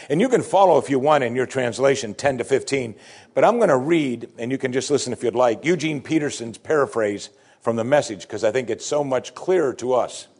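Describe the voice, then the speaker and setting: Husky-voiced man preaching a sermon. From United States. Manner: reads scripture with rising emphasis, then drops low and soft to reflect. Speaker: pastor.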